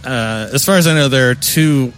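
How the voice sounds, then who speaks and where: Podcast co-host, male, relaxed anecdote teller, a little crude, faint music under him. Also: mid-range voice, moderate pace. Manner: laid-back storytelling, crude asides. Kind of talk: casual chat.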